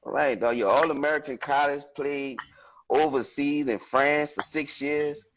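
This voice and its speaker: A man's voice: on the high side, steady tone, unhurried, a bit bright. A man hosting a casual online show over a video call, hyping up his guest. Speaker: host.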